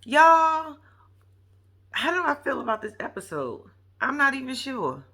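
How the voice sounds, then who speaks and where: A woman's voice: high-pitched, measured pace, breathy edge. A woman vlogger reacting to a reality show in casual, chatty commentary. She talks straight to her viewers, slangy and profane, and laughs often. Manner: chatty and animated, addresses viewers directly with slang.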